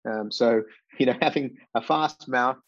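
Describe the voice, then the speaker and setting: A man's voice: mid-range voice, measured pace, no room sound, dull audio. A man in his sixties who grew up in England, a podcast guest earnestly recounting his childhood with many fillers and restarts. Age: 60s. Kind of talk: reflective personal storytelling.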